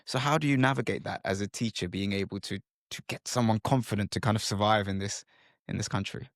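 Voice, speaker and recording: A man's voice: lowish voice, fast, dry recording, studio quality. A man hosting a podcast interview, asking curious, rambling questions. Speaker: podcast host. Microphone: studio podcast mic.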